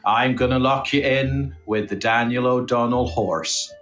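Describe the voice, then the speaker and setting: A teasing, sing-song Irish quizmaster, as a man puts him on for a comedy podcast. His voice sits at a middling pitch and stretches out the questions with mock grandeur. Faint music hums underneath. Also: steady tone, a little slow, fairly bright tone, natural voice. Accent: put-on Irish. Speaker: comedy podcast co-host running a quiz. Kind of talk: mock Irish quiz-host voice.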